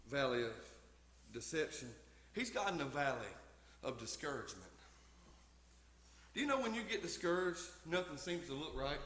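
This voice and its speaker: A man's voice: on the high side, fairly bright tone, slight background noise. A middle-aged man preaching a folksy, emphatic sermon in a church, his volume swelling and dropping. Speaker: pastor. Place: church sanctuary. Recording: echoey hall, mic from far off.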